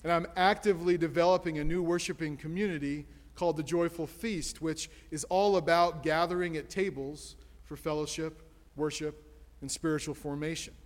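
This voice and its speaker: A man's voice: fairly high pitch, fairly even intonation, moderate pace, long reverb tail. A man preaching a sermon in a church sanctuary, building his points through strings of rhetorical questions with an emphatic preaching cadence. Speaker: pastor.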